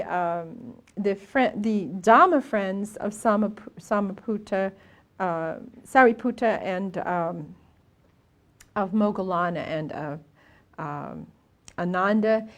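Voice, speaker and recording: An older woman, a Buddhist nun, giving a storytelling dharma talk with frequent fillers and restarts. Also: mid-range voice.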